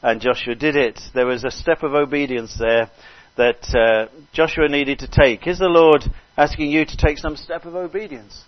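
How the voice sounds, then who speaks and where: An older man preaching a sermon with fervour, repeating phrases and crying out hallelujah between soft asides. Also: fairly high pitch, fairly even intonation, moderate pace, few pauses, dry recording. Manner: fervent, swings between loud exclamations and soft asides. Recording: dull lo-fi recording.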